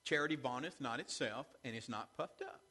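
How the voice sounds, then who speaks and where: A man's voice: medium pitch, fairly quick, pushed and bright, big-room sound. A man preaching a sermon as pastor, with call-and-response asides to the congregation. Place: church sanctuary.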